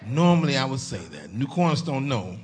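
In a church, a visiting preacher gives a folksy sermon in a medium-pitched voice at a moderate pace, starting quietly and rising to loud, urgent exhortation.

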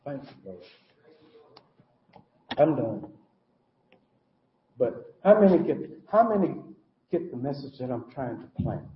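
A man's voice: mid-range voice, sing-song, takes it slowly, pauses often, a little hiss or hum. Emphatic preacher man, echoey church. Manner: emphatic call-and-response preaching, repeats phrases. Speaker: guest preacher. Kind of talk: sermon and closing prayer. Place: church sanctuary. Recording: echoey church, muffled sound.

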